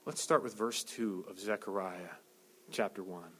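A man preaching a sermon, swinging between loud slow emphasis and quick joking asides. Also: fairly low pitch, steady tone, slight background noise. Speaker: pastor.

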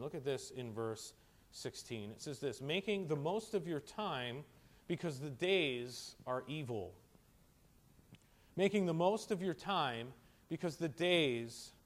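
High-voiced man preaching a sermon. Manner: teaching, explains scripture word by word, rhetorical questions. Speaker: pastor.

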